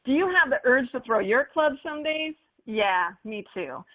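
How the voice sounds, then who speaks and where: A woman with a fairly high voice teaches in an upbeat, animated way. She acts out playful examples as she explains. The sound is thin and narrow, like it came down a phone line. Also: a little slow. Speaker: marketing instructor for golf courses. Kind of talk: webinar lesson on copywriting.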